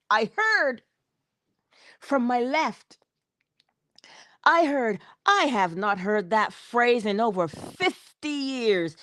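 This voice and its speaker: Slow, lively woman storyteller. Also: mid-range voice, no echo, clean studio sound. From Barbados. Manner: expressive storyteller, drawn-out emphasis. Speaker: inspirational vlogger. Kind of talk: storytelling motivational talk.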